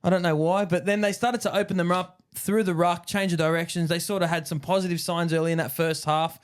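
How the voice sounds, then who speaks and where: A man's voice: high-pitched, level tone, fairly quick, clear, resonant tone. A man co-hosting a rugby league podcast, talking in a blunt, casual way with swearing and slang. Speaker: podcast co-host. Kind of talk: casual sports chat.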